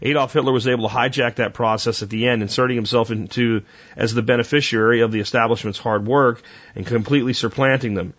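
Guy reading history notes, dry sarcastic asides, mid-pitched, kinda dull lo-fi audio. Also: fairly even intonation, quick pace, fairly bright tone. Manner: conversational, with small slips and corrections. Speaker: podcast host.

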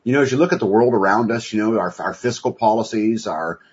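A man's voice: fairly low pitch, quick pace, husky. A man talking as a guest in an interview, earnest and folksy with many fillers. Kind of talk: conversational interview. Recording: dull lo-fi audio.

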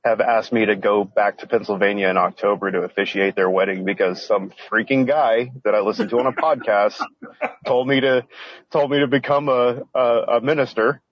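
Low-voiced earnest male guest. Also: steady tone, a little fast, no room sound, lo-fi sound. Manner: earnest and heartfelt. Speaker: podcast guest. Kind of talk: casual interview chat.

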